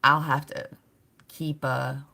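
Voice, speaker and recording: A woman's voice: a bass voice, flat delivery, slow, creaky, bright, forceful tone. A middle-aged woman hosting a casual livestream, greeting viewers by name and laughing often. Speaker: livestream host.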